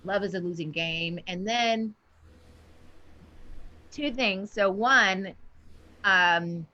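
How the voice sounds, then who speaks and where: Bright-voiced woman telling animated stories. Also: mid-range voice, very slow, dull audio. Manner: animated, profane storytelling with sudden excited outbursts. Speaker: poet and guest. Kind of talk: casual interview chat.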